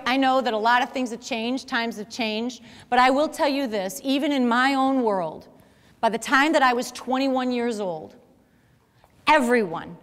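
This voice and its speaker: A middle-aged woman with a high, lively voice tells a personal story to an audience. Her talk is conversational and animated. The sound rings with the long reverb of a large hall. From American Midwest. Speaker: speaker.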